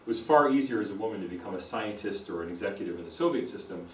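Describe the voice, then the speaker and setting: A man's voice: fairly low pitch, expressive, rapid-fire, recorded from a distance, slight background noise. A man with a plain American accent gives a university lecture, explaining his points and repeating them for emphasis. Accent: General American. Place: lecture room. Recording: roomy echo, speaker away from the mic.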